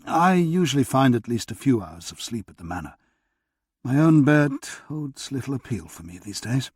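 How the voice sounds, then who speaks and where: A man reading a tired, earnest doctor from another century who speaks with courtesy and some hesitation. The voice is husky and sits at a middle pitch, recorded close and dry. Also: sing-song, normal speed, a little mellow, no echo. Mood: hesitant. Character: tired, earnest widowed doctor in period England.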